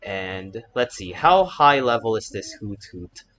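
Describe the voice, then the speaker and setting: A man's voice: fairly low pitch, animated, a little slow, rough recording. Chatty gamer man with panicky outbursts. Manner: chatty, breaks into loud panicked shouting; sprinkles Japanese exclamations. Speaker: gaming YouTuber and English teacher. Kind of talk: let's play commentary.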